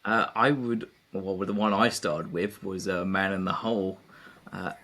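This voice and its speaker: Low-voiced reflective man. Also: steady tone, unhurried, a bit bright, slight background noise. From England. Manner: reflective, many fillers and hesitations. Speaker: guest. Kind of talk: casual conversation.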